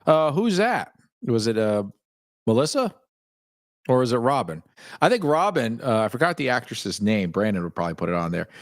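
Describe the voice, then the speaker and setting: A man's voice: mid-range voice, very animated, moderate pace, no echo, studio quality. A man hosting a casual live stream who chats candidly, laughs often and greets viewers by name as he reads their comments. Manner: frequent laughs and fillers, candid. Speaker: host.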